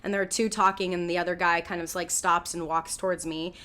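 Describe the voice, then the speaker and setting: Woman from california cohosting a podcast, tells stories loose and animated, swears casually. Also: lowish voice, fairly quick. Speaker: podcast co-host. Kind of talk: casual chat.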